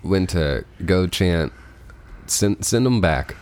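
A man's voice: deep voice, animated, takes it slowly, a little mellow. A man co-hosting a podcast who talks in dry, teasing casual chat.

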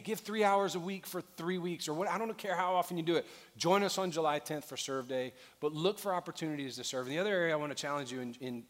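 A male pastor delivers an earnest storytelling sermon in a slightly raised voice that carries a long reverb through a large church auditorium. He builds from quiet narration to fervent exhortation. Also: fairly high pitch.

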